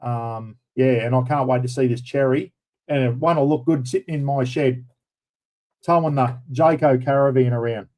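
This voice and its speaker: A man's voice: medium pitch, steady tone, normal speed, darkish tone, rough recording. A middle-aged Australian man hosting a casual chat, rambling and blokey, throwing in "mate" and "bloody" all the time. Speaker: livestream host.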